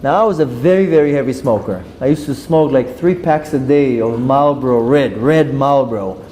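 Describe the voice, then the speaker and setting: Dark-voiced rabbi telling stories. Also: male voice, medium pitch, moderate pace. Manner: lively anecdotes, acts out dialogue. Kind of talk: storytelling Torah lecture. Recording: reverberant hall with faint noise.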